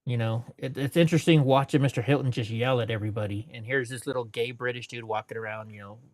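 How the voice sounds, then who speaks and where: A man in his late forties spins loose, rambling stories in an easy, mid-pitched voice. He corrects himself mid-sentence and keeps moving. The recording is dry and close, with no room sound. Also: fairly even intonation, fast, no echo. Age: 40s. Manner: rambling, self-correcting, laughs between anecdotes; puts on voices when quoting people. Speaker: interview guest. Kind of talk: storytelling in casual interview.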